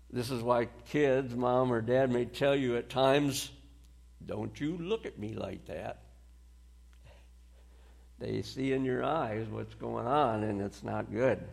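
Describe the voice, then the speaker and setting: Slow gravelly-voiced male preacher. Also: mid-range voice, fairly even intonation, darkish tone. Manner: slow, deliberate delivery with pauses and short dry laughs. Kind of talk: sermon.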